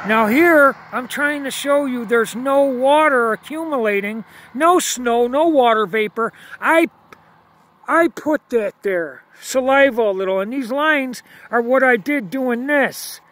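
A man's voice: extremely high pitch, a little slow, fairly bright tone. A man filming outdoors at night on his phone camera, talking to viewers in an insistent way, repeating himself and stumbling over restarts. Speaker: video blogger. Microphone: phone camera held while filming.

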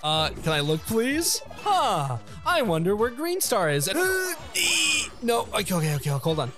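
A man giving excitable let's play commentary, laughing often and breaking into yelps and shouts. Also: high-pitched, a little slow. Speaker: gameplay commentator. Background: video game music.

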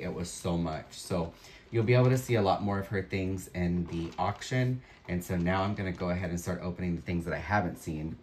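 A man's voice: deep voice, a little hiss or hum. A man who resells jewelry, giving unboxing commentary and musing aloud with admiring remarks.

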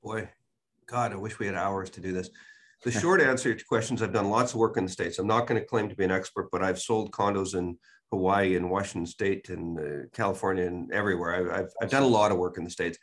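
A man's voice: low-pitched, steady tone, brisk. An older man, a guest real estate expert on a podcast, telling stories and giving emphatic, folksy advice. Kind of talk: podcast interview.

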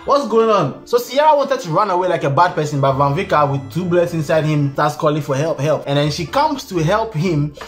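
A man's voice: fairly high pitch, lively intonation, a little fast, hardly any pauses, faint music behind. A man giving comedic movie commentary, sarcastic and mocking, often laughing at what he shows. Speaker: reviewer.

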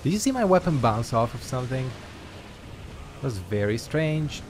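A man's voice: mid-range voice, very animated, normal speed, a little mellow, slight background noise. A man giving casual gameplay commentary as a gaming YouTuber, sarcastic and swearing through frustrated outbursts.

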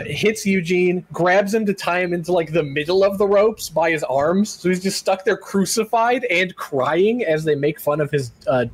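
This wrestling recap comes from a podcast co-host, a man whose voice sits high, retelling the show in a lively, casual way. He laughs a lot and bursts into shouted impressions, and the recording quality is low.

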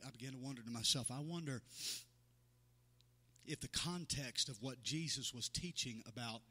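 In a church sanctuary with a long reverb tail, a male pastor preaches to his congregation with mounting fervor, acting out the voices of people in his stories and calling members by name. His medium-pitched voice is pushed and bright with a breathy edge, at normal speed.

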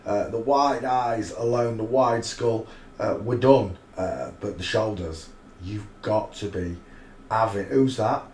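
A man's voice: lowish voice, slow pace, darkish tone. A man hosting a live stream, giving rambling, mocking commentary full of crude asides. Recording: roomy echo, faint noise.

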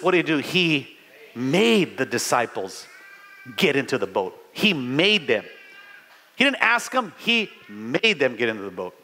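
A middle-aged man preaching a live sermon with fervent energy, stammering restarts and bursts of shouting. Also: on the high side, a little hiss or hum. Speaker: pastor.

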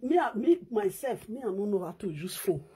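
A woman's voice: mid-range voice, big pitch swings, a little fast, slight background noise. A woman with a Nigerian accent doing a comic skit, fake-crying, wailing and laughing in Pidgin English. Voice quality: loud wailing and laughing, sing-song fake sobbing.

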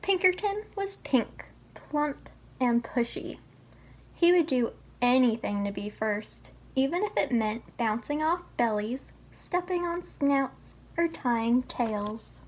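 A woman reading a children's picture book aloud as a teacher, slow and expressive. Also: high-pitched, a little hiss or hum. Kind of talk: storybook read-aloud.

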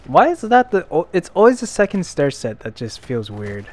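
A young man giving casual let's-play commentary, self-deprecating, with loud frustrated outbursts. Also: fairly high pitch, wildly swooping pitch, moderate pace. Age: young adult. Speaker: gameplay commentator.

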